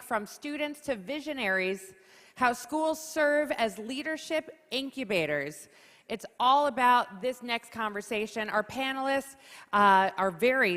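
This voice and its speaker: A woman from New York hosting a conference on stage, joking and rallying the audience. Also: on the high side. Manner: lively, joking, rallies the audience. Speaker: conference emcee. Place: large conference hall. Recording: reverberant hall.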